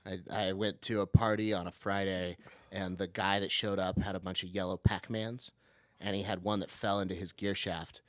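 A man's voice: sits low, normal speed, dry recording, clean studio sound. A man co-hosting a podcast, telling a wild story in casual chat, laughing often and acting out the other people in it. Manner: animated, laughing often, acts out voices in stories. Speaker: podcast co-host.

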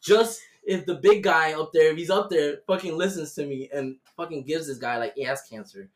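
A young man hosting a casual podcast chat, telling animated stories full of swearing. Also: on the high side, moderate pace. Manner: animated storytelling with heavy swearing. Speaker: podcast host. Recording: roomy echo.

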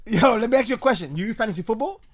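A man co-hosts a casual podcast and needles his partner with rapid questions. He talks quickly in a high, lively voice. His pitch jumps around as he pushes for answers. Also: a crowd in the background. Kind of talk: casual chat.

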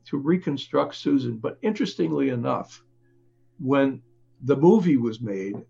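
A man with a gravelly, slightly husky voice talks as an interview guest about a book he wrote. He speaks haltingly, repeating words and stopping to restart his thoughts. The sound is a little dull and lo-fi. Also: mid-range voice, lively intonation, dark tone. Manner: halting, many fillers and restarts. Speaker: author and reporter.

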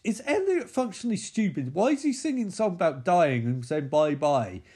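A man giving sweary, excitable running commentary on a movie. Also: high-pitched, normal speed, slightly rough.

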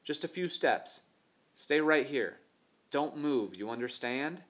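Guy doing a scared boy leader, high and urgent, yelling for his friends. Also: animated, takes it slowly. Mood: tense, firm. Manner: urgent, shouting. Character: frightened boy leader calling for lost friends.

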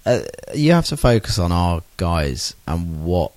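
A man trading dry, sardonic remarks in a casual podcast chat. His voice sits very low. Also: sing-song, a little slow, darkish tone, dry recording. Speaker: podcast co-host.

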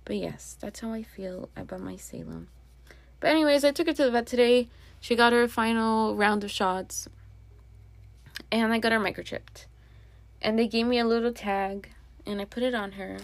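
A young woman chats on her own podcast in a slightly high voice, drifting from one aside to the next. The sound is close and dry, with no room around her. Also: normal speed, long pauses, dry recording. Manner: rambling, chatty, many likes and asides. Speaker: podcast host. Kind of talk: casual solo chat.

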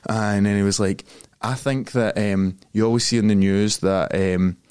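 A man's voice: fairly low pitch, steady tone, normal speed, a little mellow, clear, resonant tone, no room sound. Laughing Glaswegian man telling stories. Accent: Glaswegian Scottish. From Glasgow, Scotland. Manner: swears freely, laughs often, tells rambling anecdotes. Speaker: podcast co-host. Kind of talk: casual podcast chat.

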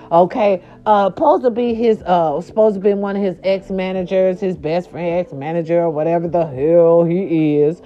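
Sassy, animated woman gossip host. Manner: animated, sassy, slangy, dramatic pitch swings. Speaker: show host. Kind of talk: casual celebrity gossip monologue. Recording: dull lo-fi audio.

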